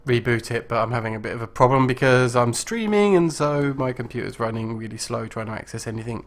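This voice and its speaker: A man hosting a live game stream, chatting casually and rambling with many pauses and restarts. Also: mid-range voice, lively intonation. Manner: rambling, lots of ums and restarts.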